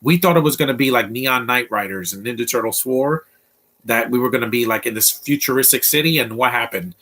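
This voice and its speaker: A man's voice: mid-range voice, fairly quick, a bit bright. Blunt, rambling young man reviewing a film. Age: 20s. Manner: blunt, rambling, opinionated, many restarts. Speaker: movie commentator. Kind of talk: casual live movie commentary.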